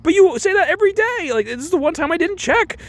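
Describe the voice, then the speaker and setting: A man squeaking as a tearful, devoted maid. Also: expressive, fast, a bit bright, heavily acted. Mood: exasperated. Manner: squeaky exaggerated mockery. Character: devoted, put-upon female servant, tearful and pleading.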